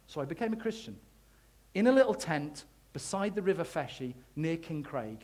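High-voiced man telling his story. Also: moderate pace. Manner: animated, self-deprecating storytelling. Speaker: preacher. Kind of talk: sermon testimony.

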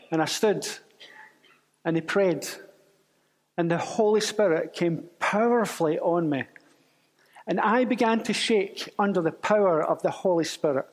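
A man telling a testimony as a sermon, storytelling and acting out the voices of others. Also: high-pitched. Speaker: preacher. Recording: long reverb of a church hall.

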